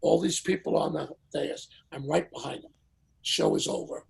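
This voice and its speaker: Raspy, gravelly older man telling stories. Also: a little high, moderate pace, low-quality recording. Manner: lively storyteller who acts out the people in his stories. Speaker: guest, veteran singer. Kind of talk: animated anecdote in a podcast interview.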